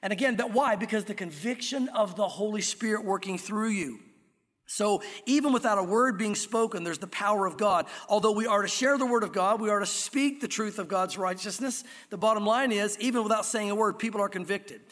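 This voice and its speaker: A pastor preaching a sermon in an earnest, emphatic way, slowing down to stress key words. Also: male voice, high voice, fairly bright tone. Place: church sanctuary. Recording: long reverb of a church hall.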